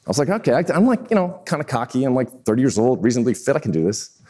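A man in his fifties giving a storytelling talk to business leaders, animated and self-mocking as he acts out scenes. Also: mid-range voice, rapid-fire. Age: 50s. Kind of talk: keynote-style storytelling talk.

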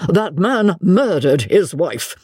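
A woman's voice: very deep voice, sing-song, a little slow, a little mellow, breathy edge, dry recording, clean studio sound, full character voice. A woman reading a pompous indignant chaplain. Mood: angry. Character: pompous middle-aged male English chaplain, indignant. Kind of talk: dramatic reading of a classic novel.

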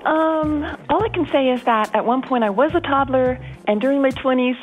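A woman's voice: high voice, moderate pace, narrow, tinny audio, soft background music. A woman in her thirties, a game guest, hesitating with many ums. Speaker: guest contestant.

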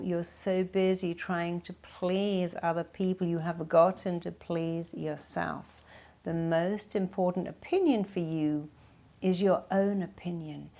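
Woman podcast host with a slightly low voice, direct and coaching, advice-show delivery. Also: mellow. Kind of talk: advice podcast answering listener questions.

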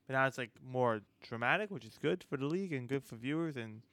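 A man's voice: mid-range voice, expressive, quick pace, a bit bright, no echo. A young man co-hosting a sports talk show in casual chat, often repeating words as he starts a thought.

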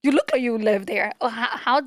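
A woman with a Dominican accent, chatting as a guest author, animated and laughing often. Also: a little high, a little fast, no room sound, studio quality. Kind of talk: casual conversation.

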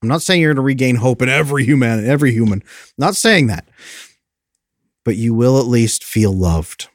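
A man's voice: medium pitch, lively intonation, normal speed, no room sound, studio quality. A man who is an attachment specialist, explaining in an earnest, coaching way and briefly mimicking anxious inner voices.

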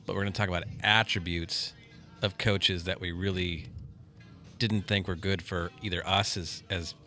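A man with a low voice that has a crisp, forward edge. He co-hosts a casual podcast chat and keeps it on track in an easygoing way. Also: steady tone, moderate pace, sharp tone, faint music behind. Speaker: podcast co-host.

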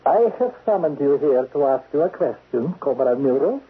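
Menacing foreign spy chief, clipped and formal, high husky voice, thin old radio broadcast. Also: male voice, very animated, moderate pace, narrow, tinny audio, full character voice. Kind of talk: 1970s radio drama acting.

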